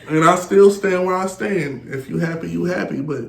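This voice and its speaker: Gravelly-voiced man telling a blunt story. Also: high-pitched, moderate pace. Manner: blunt, profane storytelling, quoting others. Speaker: podcast guest. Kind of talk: casual podcast chat. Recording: echoey room with faint hiss.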